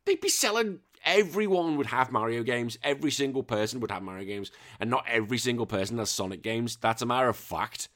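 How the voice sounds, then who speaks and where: A man, hosting a podcast in casual chat, rambling and excitable and swearing freely. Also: mid-range voice, quick pace, hardly any pauses. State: recovering from illness. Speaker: podcast host.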